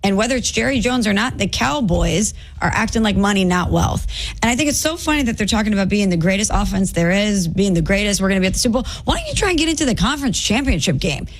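A woman's voice: mid-range voice, expressive, fast. A woman co-hosting a sports talk radio show, delivering pointed, opinionated commentary.

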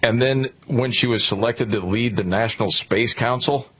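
A man's voice: mid-range voice, normal speed, a bit bright, husky. A man co-hosting a political talk radio show, joking sarcastically about the news. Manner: sarcastic, jokey.

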